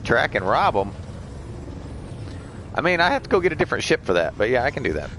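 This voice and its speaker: A man's voice: medium pitch, very animated, quick pace, fairly bright tone, a little hiss or hum. A man streaming a space game, chatting casually and joking with friends as he plays. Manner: joking, rambling. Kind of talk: casual gameplay chat.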